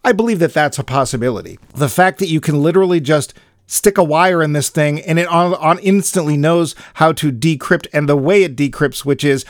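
A man's voice: fairly high pitch, brisk, dry recording, studio quality. A man co-hosting a casual movie review podcast, joking and wry as he picks apart the plot. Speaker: podcast co-host.

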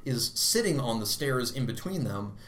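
A man's voice: medium pitch, big pitch swings, normal speed, fairly bright tone. A man in a casual film discussion, speaking thoughtfully with hesitant restarts. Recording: roomy with faint noise.

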